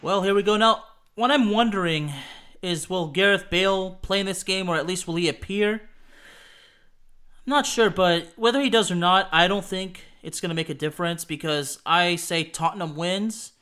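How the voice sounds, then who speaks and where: Guy with a high bright voice, chatty soccer picks, lots of restarts and laughs. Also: normal speed, clean tone. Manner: hesitant, repeats words, laughs often. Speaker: podcast co-host. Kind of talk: casual football prediction chat.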